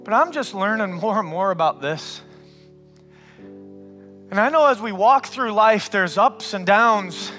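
A man preaching a sermon as pastor, conversational and animated, swinging between loud and hushed, and often calling listeners "man". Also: high voice, slow, pauses often, faint music behind.

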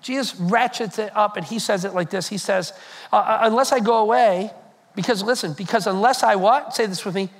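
A male pastor preaching a sermon to a congregation, animated and conversational, with frequent repetitions. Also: sits high, fairly quick. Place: church hall before a congregation.

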